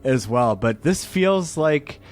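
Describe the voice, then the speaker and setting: Brief: mid-pitched man, measured podcast co-host. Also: lively intonation. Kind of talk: casual podcast chat.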